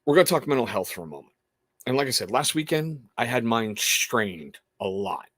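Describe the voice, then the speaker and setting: A man's voice: medium pitch, very animated, moderate pace, fairly bright tone, dry recording, clean studio sound. A man hosting a casual livestream, talking in a rambling, earnest way with frequent restarts. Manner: rambling, self-interrupting, earnest. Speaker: livestream host.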